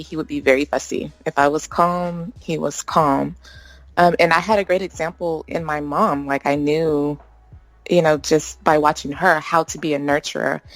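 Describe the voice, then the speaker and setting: A woman's voice: deep voice, no echo, poor audio. A woman in her thirties, a podcast guest telling stories of motherhood, acting out what people said and laughing often. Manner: warm storytelling, acts out quotes, laughs often. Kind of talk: casual interview chat.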